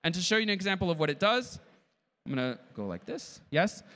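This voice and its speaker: Man, high-pitched, conference presenter, eager live demo, audience check-ins. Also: big pitch swings, a little fast, bright, forceful tone.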